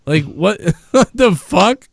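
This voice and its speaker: A man's voice: high-pitched, animated, takes it slowly, vocal fry, no room sound, studio quality. A man hosting a podcast, telling a long story in casual, profane, rambling talk. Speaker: podcast host. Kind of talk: casual chat.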